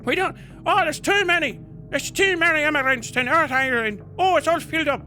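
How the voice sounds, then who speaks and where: Dude doing a high whiny irish nationalist guy going on and on, music in the back. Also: a little fast, pushed and bright, exaggerated voice. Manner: whiny, repetitive, mock-fearful. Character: grumbling anxious Irish nationalist man.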